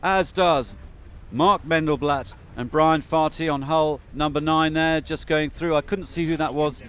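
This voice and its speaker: A man's voice: a little high, steady tone, a little slow, fairly bright tone, clear, resonant tone. A man giving chatty, upbeat live commentary on a sailing race, with frequent fillers.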